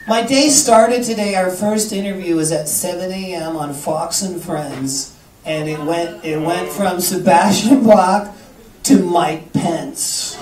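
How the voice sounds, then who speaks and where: A man from Canada, talking as the guest at a live interview, joking, swearing and acting out quotes in an animated way. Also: high-pitched. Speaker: guest author. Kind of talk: live interview before an audience. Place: live event in a bar venue. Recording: echoey room, far from the mic, audience noise.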